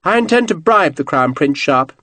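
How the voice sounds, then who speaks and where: A suave young officer, polished and fulsome, measuring each word with care, put on by a male narrator. The delivery is animated in pitch, the sound dry and close. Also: normal speed, dry recording. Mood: smooth. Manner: smooth, careful, fulsome.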